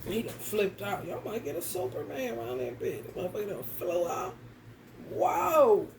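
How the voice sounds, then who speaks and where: A woman's voice: a little high, very animated, moderate pace, gravelly, darkish tone, a little hiss or hum. A woman giving a casual tarot reading, ranting bluntly and profanely straight at the viewer. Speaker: tarot reader.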